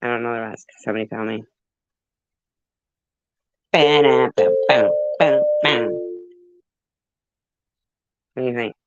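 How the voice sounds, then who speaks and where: A woman's voice: very deep voice, completely flat delivery, very fast, few pauses, dry recording, lo-fi sound. A woman hosting a casual livestream trivia chat, playful and giggly. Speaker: livestream host.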